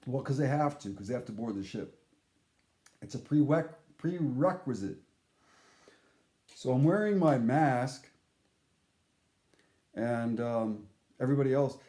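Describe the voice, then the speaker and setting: Animated, profane male storyteller in an echoey room. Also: medium pitch, unhurried, long pauses. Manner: animated, profane, acts out voices he quotes. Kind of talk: casual storytelling monologue.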